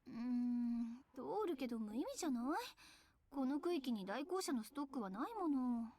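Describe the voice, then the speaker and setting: A woman's voice: a little high, fast talker, dark tone, natural voice. A woman voicing a playful, flirtatious female teacher in visual novel dialogue, with a teasing, sing-song manner. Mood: breezy. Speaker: teacher character.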